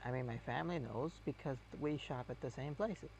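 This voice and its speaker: A man's voice: medium pitch, fairly quick, gravelly, a little mellow, a little hiss or hum. A man chatting casually while playing a game. He rambles and hesitates, with many fillers. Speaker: game streamer.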